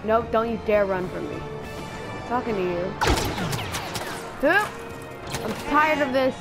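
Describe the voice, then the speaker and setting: A woman giving casual, playful gameplay commentary and taunting her opponents out loud. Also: on the high side, lively intonation, slow, over loud music. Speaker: gamer.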